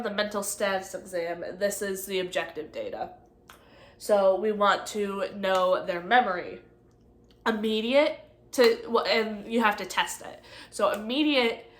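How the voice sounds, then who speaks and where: Young woman, slow and halting, walking thru her study notes, lots of likes and ums, echoey room. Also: mid-range voice, fairly bright tone. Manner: halting, many ums and likes, self-correcting. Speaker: nursing student presenter. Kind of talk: casual study walkthrough from notes.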